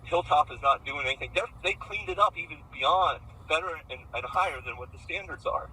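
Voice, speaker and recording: A man's voice: on the high side, brisk, sharp tone, husky. A man in a heated outdoor argument, blunt and angry, repeating himself. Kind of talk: heated doorstep confrontation. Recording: outdoor recording from a distance with street noise.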